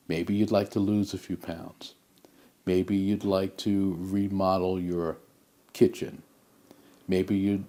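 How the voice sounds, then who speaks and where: A man giving a motivational talk, speaking in a measured, emphatic way with deliberate pauses. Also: lowish voice, warm tone.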